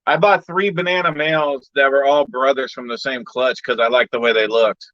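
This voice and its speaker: A man's voice: medium pitch, fairly even intonation, fairly quick, a bit bright, dry recording. A man hosting a casual livestream, easygoing and laughing along as he shares his own mistakes with snakes. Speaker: livestream host, reptile breeder. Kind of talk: casual chat. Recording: dull lo-fi stream audio.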